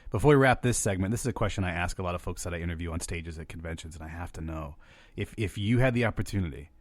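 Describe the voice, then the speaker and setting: A man hosting an interview, asking quick upbeat questions. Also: deep voice, no echo. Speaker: host. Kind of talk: casual interview chat.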